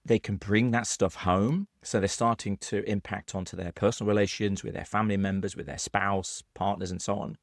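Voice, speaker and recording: A man's voice: fairly low pitch, fairly even intonation, a little fast, vocal fry, few pauses, no echo, studio quality. A man with a British accent co-hosting a podcast, talking earnestly and explaining with frequent restarts. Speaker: podcast co-host. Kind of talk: conversational podcast discussion.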